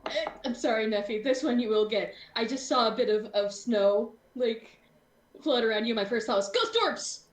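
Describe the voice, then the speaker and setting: A woman running a tabletop game as game master in casual chat, animated and playful, often slipping into silly voices. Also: fairly high pitch, normal speed, roomy sound.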